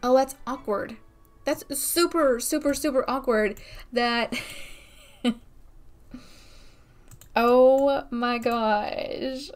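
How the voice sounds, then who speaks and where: A young woman hosting a gaming video, chatting excitedly through her gameplay with frequent exclamations. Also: sits high, very slow, long pauses, soft background music. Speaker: gaming channel host. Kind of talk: casual game commentary.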